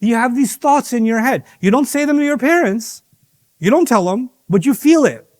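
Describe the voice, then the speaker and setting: Middle-aged man, high voice, lively preaching to youth, rhetorical questions. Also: moderate pace. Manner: animated, asks rhetorical questions and acts out voices of others. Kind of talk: sermon to young people.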